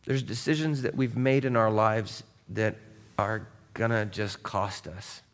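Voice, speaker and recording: A man pastor delivering a conversational sermon, dropping to a hush and then rising to emphatic points while asking his listeners direct questions. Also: fairly low pitch, a little slow, big-room sound. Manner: conversational, swings between hushed and emphatic; asks the congregation direct questions.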